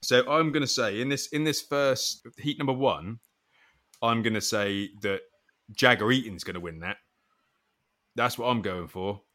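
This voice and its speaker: A man's voice: medium pitch, measured pace, bright, forceful tone. A man hosting a casual podcast chat, joking and swearing as he goes through names. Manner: banter with swearing. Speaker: podcast host.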